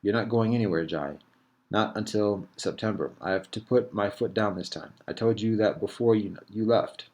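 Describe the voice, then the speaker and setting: A man's voice: fairly low pitch, moderate pace, a little mellow, natural voice. A man reading aloud voices an anxious, insistent mother speaking to her child on the phone, pressing with questions.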